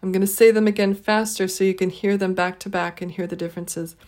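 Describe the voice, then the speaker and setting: A woman leading a pronunciation drill, saying each word twice, clearly and slowly. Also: mid-range voice, fairly even intonation, darkish tone. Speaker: pronunciation teacher. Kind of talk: slow, deliberate pronunciation drill.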